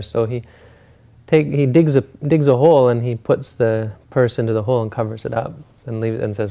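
A man, a Buddhist teacher, retelling a teaching story in a relaxed, conversational dharma talk. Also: mid-range voice, normal speed.

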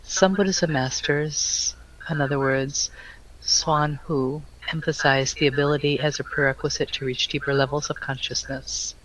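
A man reading out questions to a teacher in a plain, even manner. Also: fairly high pitch, normal speed, rough recording. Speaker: question reader.

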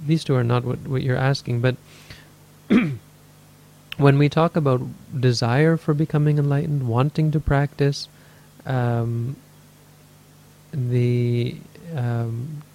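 Slow, with long pauses, a man's medium-pitched voice comes across steady, gravelly and mellow. He is a meditation teacher giving a dharma talk that answers questions, thinking aloud, revising himself, and acting out inner voices.

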